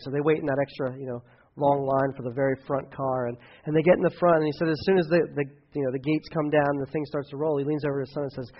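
A man's voice: medium pitch, steady tone, racing, highs cut off. A man preaching a sermon and leading a closing prayer, telling stories casually with many fillers and restarts. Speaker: pastor.

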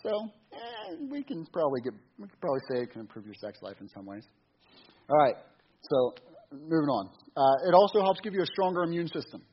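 A man's voice: a little high, big pitch swings, fairly quick. A middle-aged man giving a casual, rambling sermon, restarting and repeating words in a folksy way, on a dull lo-fi recording with faint hiss. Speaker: church speaker.

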